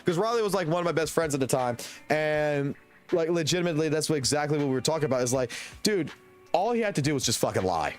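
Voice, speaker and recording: A man's voice: a little high, animated, fast talker, soft background music. A man in his twenties telling a rambling, profane anecdote on his live stream, laughing as he goes. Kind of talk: casual storytelling on a live stream.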